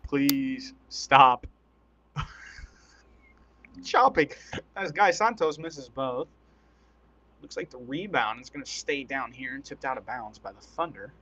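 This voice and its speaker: A man doing casual, excitable play-by-play commentary on a live stream, chatty and quick to laugh. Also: mid-range voice, lo-fi sound, a little hiss or hum.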